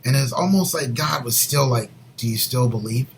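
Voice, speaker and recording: A man co-hosting a Christian show, sharing a personal faith story in an earnest, rambling way and sometimes dropping to a soft near whisper. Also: medium pitch, moderate pace, creaky, heavy background noise. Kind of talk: personal faith testimony, casual chat.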